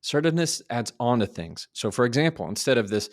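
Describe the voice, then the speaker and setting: A man talks as a podcast guest, giving communication advice with animated emphasis. His voice sits at a middle pitch. He acts out sample phrases as he goes. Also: fast.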